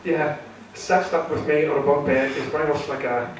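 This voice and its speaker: A man's voice: on the high side, fairly even intonation, moderate pace, background noise. A man doing his first stand-up comedy set, nervous and rambling, full of fillers and restarts. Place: theatre stage with a live audience. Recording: echoey hall recorded from far off.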